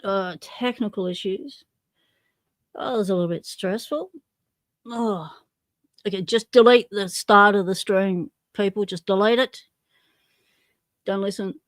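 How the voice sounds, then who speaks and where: A woman's voice: medium pitch, measured pace, long pauses. An Australian woman chatting unhurriedly as she hosts a live stream. She greets viewers by name and pokes fun at herself. Her voice sounds dry and close, with no room echo. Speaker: livestream host. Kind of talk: casual livestream chat.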